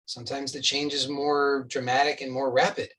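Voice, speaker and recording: A man's voice: medium pitch, level tone, normal speed, a bit bright, far from the mic, low-quality recording. A man giving an earnest, insistent spiritual talk, often restarting phrases and acting out imagined dialogue with the listener. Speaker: spiritual teacher.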